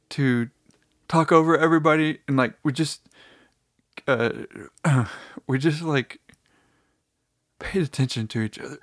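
A man hosting his own podcast, talking off the top of his head with many fillers and restarts, now and then jumping into high, silly voices. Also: unhurried, long pauses, dry recording, studio quality. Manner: rambling, lots of fillers and restarts; slips into high mock-emotional voices for imagined listeners. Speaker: podcast host. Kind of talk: rambling solo podcast.

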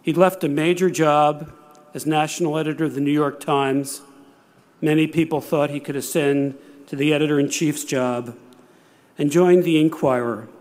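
A man in his sixties giving a prepared speech, telling stories in a measured way with dry humor. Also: fairly high pitch, darkish tone. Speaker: speaker.

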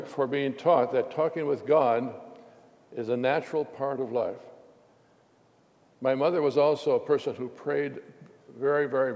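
A pastor giving a sermon, telling a heartfelt personal story in a reflective way. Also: male voice, mid-range voice, darkish tone. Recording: long hall reverb.

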